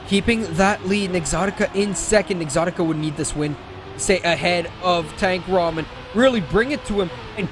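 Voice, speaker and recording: A man casting a racing esports match with play-by-play commentary, excitable and jokey, often correcting himself mid-call. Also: high-pitched, noisy background. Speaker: esports caster.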